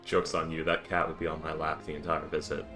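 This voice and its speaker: Man, very low voice, crude joking table chat, clear music underneath. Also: level tone, quick pace. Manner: joking, crude, laughs often. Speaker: tabletop game player. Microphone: headset or desk mic, online session.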